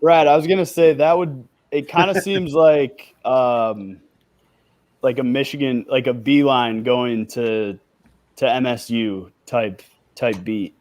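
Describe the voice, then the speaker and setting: A man's voice: medium pitch, steady tone, takes it slowly, darkish tone. A man hosting casual comedic banter, steering the chat with questions.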